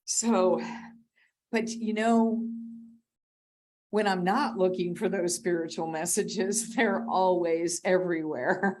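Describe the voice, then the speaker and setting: Slow, chatty woman speaker at church. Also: medium pitch, darkish tone. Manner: rambling, self-deprecating, laughs often. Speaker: guest speaker. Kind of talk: conversational sermon. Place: church sanctuary.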